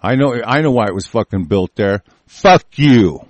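Low-voiced man ranting and swearing. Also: fairly quick, dry recording. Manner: profane, heated, swearing constantly. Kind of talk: angry ranting monologue, reading news aloud.

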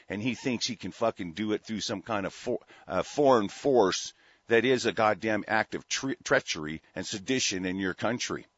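A man hosting a talk show, delivering an angry, profane political rant in a heated, forceful way. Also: lowish voice, no echo. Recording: dull, dry lo-fi sound.

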